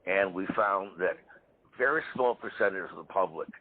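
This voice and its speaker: A man in his seventies, a parapsychologist guest, telling stories in a lively way in a live interview. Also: low voice, normal speed, a little hiss or hum. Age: 70s. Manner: animated storyteller. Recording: tinny phone-line audio.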